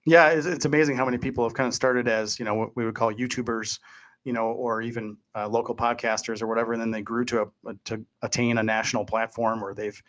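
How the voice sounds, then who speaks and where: A man's voice: medium pitch, little pitch movement, fast talker, a bit bright. A man hosting a podcast interview, easygoing and chatty with frequent fillers. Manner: easygoing, chatty, heavy on "you know" fillers. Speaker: podcast host. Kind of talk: casual interview chat.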